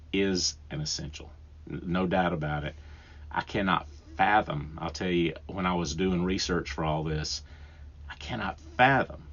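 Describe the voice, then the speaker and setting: Deep, husky Southern-accented man. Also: lo-fi sound. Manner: enthusiastic, rambling with fillers and restarts. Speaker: podcast host. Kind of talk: casual book recommendations.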